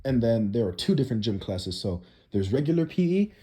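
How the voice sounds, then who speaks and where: A man's voice: mid-range voice, sing-song, brisk, warm tone, slightly rough. A teenage boy telling a casual storytime monologue, rambling with lots of "you know" and "like" fillers. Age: teens.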